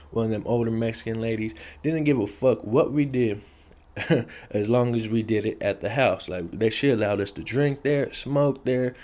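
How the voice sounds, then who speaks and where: A man's voice: fairly low pitch, a little mellow. Profane streetwise man. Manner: blunt, profane, streetwise, repeats key phrases for effect. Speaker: storyteller recounting his past. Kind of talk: casual street storytelling to camera.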